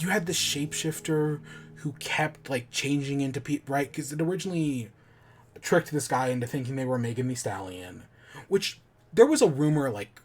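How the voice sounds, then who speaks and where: A man's voice: mid-range voice, slight background noise. A man hosting a podcast in casual chat, rambling with restarts and casual swearing. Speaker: podcast host.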